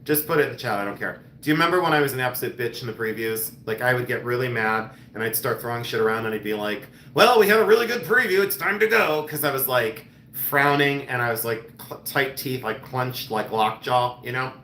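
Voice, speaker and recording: A man hosts a live jewelry sale in a casual, teasing way. His voice is bright and forward, and the room sounds echoey with a faint hiss behind him. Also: medium pitch, a little fast, few pauses. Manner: animated, joking, teasing. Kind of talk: casual live-stream chat.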